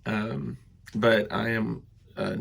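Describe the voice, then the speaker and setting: A middle-aged man hosting a casual solo podcast while sick and congested, rambling with many fillers and clearing his throat. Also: fairly low pitch, flat delivery, slow pace, fairly bright tone. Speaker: podcast host.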